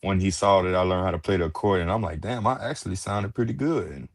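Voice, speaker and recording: In a casual interview, a male Houston musician speaks quickly in a low-sitting voice, recorded without echo. Relaxed and polite, he keeps restarting, fills gaps with "uh," and replies "yes, ma'am."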